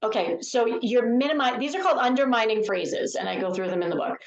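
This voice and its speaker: Woman author guest, slightly high voice, emphatic and repetitive, echoey room. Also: quick pace, dull audio. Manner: emphatic, repeats key phrases. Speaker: author and confidence speaker. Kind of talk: podcast interview.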